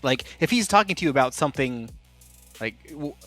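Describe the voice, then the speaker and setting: A man's voice: mid-range voice, expressive, fast, a bit bright, no echo, faint music behind. A man hosting a podcast, chatting casually, rambling and correcting himself as he goes. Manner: rambling, self-correcting, laughs often. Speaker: podcast host. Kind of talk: casual chat.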